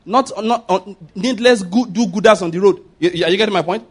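High-voiced Nigerian preacher. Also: male voice, fairly quick, slightly rough. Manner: emphatic, rhetorical, acts out quoted pleas. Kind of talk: sermon.

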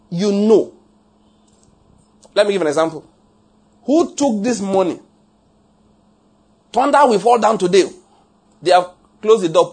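With a fairly high, husky voice and a darkish tone, a pastor gives a sermon. He's emphatic and jokey, chuckling at his own remarks and repeating key phrases.

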